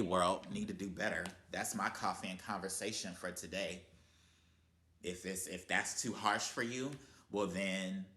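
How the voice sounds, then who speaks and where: A man with a fairly low, bright and forceful voice delivers a profane motivational rant. He talks bluntly and heatedly, cursing at every turn, and his voice rings in an echoey room. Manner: blunt, heated, swearing constantly. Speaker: vlogger.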